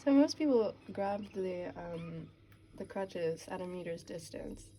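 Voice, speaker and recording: A young woman, an artist interviewing a guest in relaxed casual chat outdoors on a city street, thoughtful and given to laughing. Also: lowish voice, a little slow, slight background noise. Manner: relaxed, thoughtful, laughs at her own jokes.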